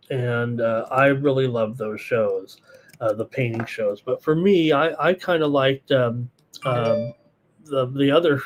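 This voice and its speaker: A middle-aged man hosts a live sports betting stream, talking straight to his viewers. He rambles through his picks and the chat, with plenty of fillers and false starts. His voice sits at a middle pitch for a man. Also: a little mellow. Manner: rambling, many fillers and restarts, chatty. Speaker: sports betting show host. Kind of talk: live solo betting analysis, reading chat.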